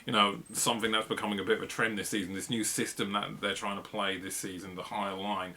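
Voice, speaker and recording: A man co-hosting a football review podcast rambles casually, packing in fillers and laughing mid-sentence. His voice is fairly low and flat, quick, pushed and bright, with a little hiss or hum.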